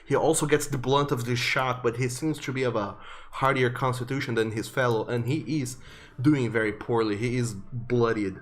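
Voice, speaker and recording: A young man runs a tabletop game, painting gory scenes in a mid-pitched voice. He halts and restarts often with little fillers, while soft music plays underneath. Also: fairly even intonation. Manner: vivid, halting descriptions with many fillers. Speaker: game master.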